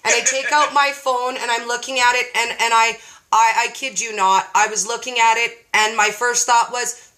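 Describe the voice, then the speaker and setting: Bright-voiced woman host, animated storyteller. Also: a little high, normal speed. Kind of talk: casual storytelling chat.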